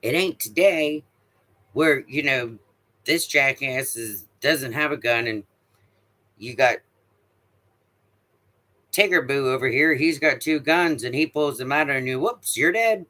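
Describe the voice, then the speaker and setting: A man delivers a blunt, profane rant straight to camera, with a piercingly bright, cutting voice. He hammers his points home with repeated rhetorical questions. The sound is bone-dry, with no room around it. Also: medium pitch, unhurried, long pauses, no echo. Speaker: vlogger. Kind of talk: casual ranting monologue.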